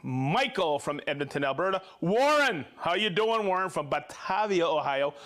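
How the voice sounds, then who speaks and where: The man's voice is a little high, animated, and fairly bright as he hosts a live stream. He reads out names and hometowns of viewers, joking around, stumbling over hard places, and adding fast remarks.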